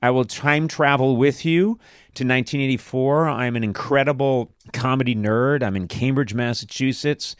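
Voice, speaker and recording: A man's voice: medium pitch, normal speed, smooth, no room sound, clean studio sound. A man in his sixties hosting a live comedy podcast, joking, riffing and poking fun at himself. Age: 60s. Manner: joking, self-mocking and riffing. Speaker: podcast host. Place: live show on a stage.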